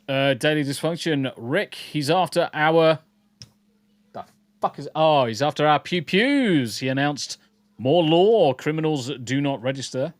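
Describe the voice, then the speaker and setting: A man's voice: fairly high pitch, expressive, measured pace, dry recording. A man hosting a casual podcast, reading the live chat and ranting bluntly with plenty of swearing. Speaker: podcast host.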